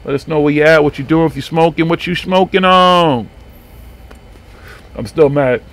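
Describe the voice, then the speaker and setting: A man's voice: a little high, moderate pace. A man hosting a live paranormal talk radio show, rambling and swearing freely in casual chat. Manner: profane, rambling, animated. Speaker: host. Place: small home studio.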